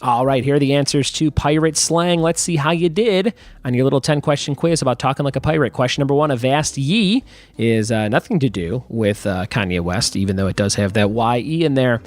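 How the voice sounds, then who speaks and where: A man hosting a trivia podcast in a casual, joking way, reading out quiz terms slowly and clearly and then riffing on them. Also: medium pitch, no room sound. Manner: playful, jokey, drawn-out quiz terms.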